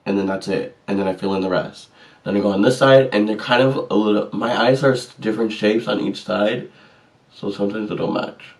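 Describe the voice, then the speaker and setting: Speaking a little fast in a fairly low voice, a male vlogger gives a makeup tutorial in a casual, sassy way. He jokes self-deprecatingly about the mistakes he makes, and the mic sounds distant.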